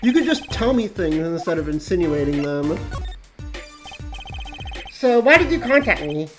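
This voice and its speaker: A woman's voice: lowish voice, sing-song, a little slow, pitched below the performer's own voice. A woman voicing an exasperated young male defense attorney who protests in a flustered way. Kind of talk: reading game dialogue aloud on a stream. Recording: music playing behind the voice.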